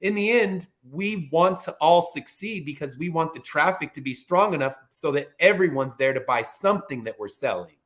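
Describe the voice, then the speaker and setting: Matter-of-fact man telling stories, fairly high voice. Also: animated, normal speed, few pauses, a bit bright. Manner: storytelling, matter-of-fact, occasional swearing. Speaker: comic creator guest. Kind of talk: casual interview chat.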